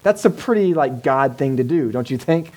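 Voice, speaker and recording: A man's voice: mid-range voice, expressive, moderate pace, mellow, low-quality recording. A male pastor, preaching a sermon in a conversational way and asking the congregation rhetorical questions. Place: church service held in a cinema.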